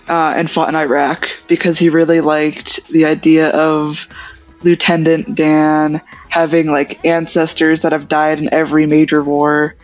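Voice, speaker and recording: A gravelly, creaky voice talks very slowly in a casual movie chat. The speaker pauses on fillers while telling an anecdote. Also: mid-range voice, highs cut off. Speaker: podcast co-host.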